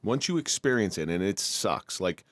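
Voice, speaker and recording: A man's voice: sits low, animated, normal speed. A man hosting a podcast, talking earnestly and reflectively with his guest. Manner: earnest, reflective, shares his own loss. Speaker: podcast host. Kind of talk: conversational interview.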